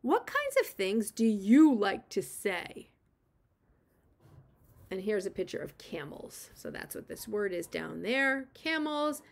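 A woman who teaches preschool, reading a picture book aloud to young children and gently encouraging them to join in. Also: medium pitch, big pitch swings, slow, gravelly.

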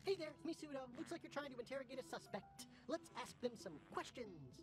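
Chirpy AI detective helper. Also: female voice, high-pitched, big pitch swings, fast, over music. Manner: upbeat, salesy, cheerfully unhelpful. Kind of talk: video game voice acting.

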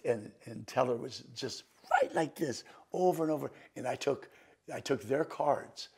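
An older man with a gravelly, husky voice tells stories as a guest in an interview. He is animated and slips into other people's voices as he recounts what they said. His pitch sits at an ordinary middle height. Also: normal speed. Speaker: guest magician. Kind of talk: storytelling interview.

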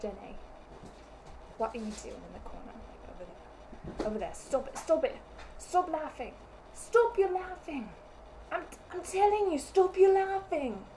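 A woman's voice: medium pitch, fairly quick, creaky, long pauses, warm tone, slight background noise, pitched below the performer's own voice, natural voice, low-quality recording. A woman playing an overwrought female TV sales host who repeats herself constantly, in a comic sketch. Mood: scolding. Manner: repetitive, overwrought, melodramatic. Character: pushy female TV sales host with phony accent.

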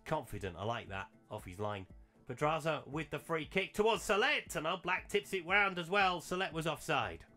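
A man narrates a football match in his management game, lively and chatty, often turning to his viewers with quick asides. His voice sounds bright and forward. Soft music plays quietly behind him. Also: on the high side. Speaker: gaming commentator. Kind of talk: live game commentary.

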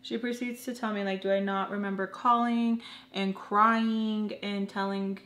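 A woman's voice: medium pitch, flat delivery, a little slow, fairly bright tone, roomy sound. A young woman telling an emotional personal story in a casual, earnest way, filling her talk with lots of "like"s. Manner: chatty, filler-heavy with many "like"s.

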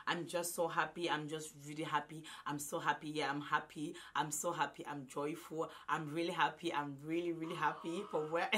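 Loud effusive woman in her twenties. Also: low voice, little pitch movement, normal speed, few pauses. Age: 20s. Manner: loud and effusive, repeats herself. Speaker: vlogger. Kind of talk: casual vlog to camera. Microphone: phone camera.

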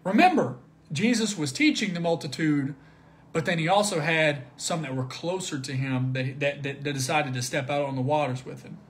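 A man giving an informal Bible study talk, animated, often repeating words and rising to near shouts at high points. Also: normal speed, a little hiss or hum. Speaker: Christian video preacher.

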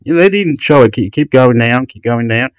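A man rambling excitedly about websites in a vlog, loud, profane and repetitive. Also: mid-range voice, a little fast, smooth, no room sound, low-quality recording. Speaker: YouTube vlogger. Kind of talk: excited rambling screen commentary.

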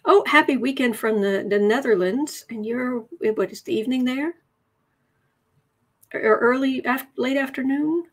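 A woman with a high-pitched voice talks at normal speed while running a laid-back tarot livestream. She reads out comments from viewers and rambles, frequently correcting herself as she goes.

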